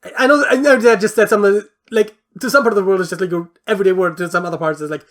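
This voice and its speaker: Racing along in a steady tone, a podcast co-host in relaxed conversation mutters guesses and reasons out loud. Middle-pitched, the speech is packed with fillers and offhand swearing.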